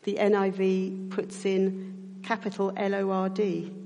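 A middle-aged woman preaching a sermon in a church. She speaks reflectively and slows down to stress key points. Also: medium pitch, monotone, warm tone, highs cut off, faint music behind. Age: middle-aged or older. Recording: church hall reverb.

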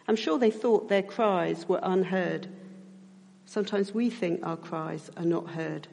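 A middle-aged woman preaching a sermon in a church. She speaks reflectively and slows down to stress key points. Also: fairly low pitch, vocal fry, a little mellow. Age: middle-aged or older. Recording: church hall reverb.

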